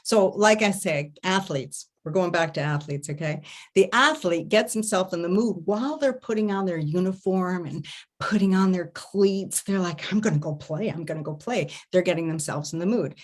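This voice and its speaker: A woman with a somewhat low voice talks through an online workshop on intimacy. She is animated and expressive, stretching some phrases out slowly and breaking into hums and murmurs to show what she means. Her delivery is loose and conversational, with frequent laughter. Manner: animated storytelling, laughs often. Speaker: intimacy coach and festival presenter. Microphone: home setup, online stream.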